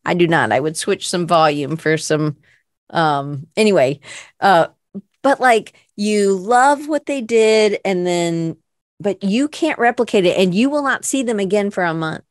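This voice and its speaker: A woman's voice: medium pitch, measured pace, no room sound, studio quality. A middle-aged woman hosting a podcast in a casual, rambling, self-reflective chat full of fillers. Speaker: podcast host.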